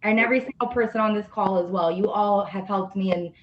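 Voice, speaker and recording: A woman's voice: medium pitch, fairly even intonation, quick pace, dull audio. A woman calling in to a morning call, speaking in a grateful, earnest and gushing way. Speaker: caller. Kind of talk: casual heartfelt thanks.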